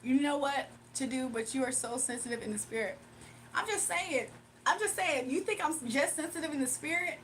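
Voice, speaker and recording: A high-pitched woman chats with her livestream viewers in a loose, animated way, laughing often as she talks. She sits a little back from the mic, and a faint hum of noise runs under her voice. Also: a little fast, distant mic, low-quality recording. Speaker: livestream host. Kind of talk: casual livestream chat.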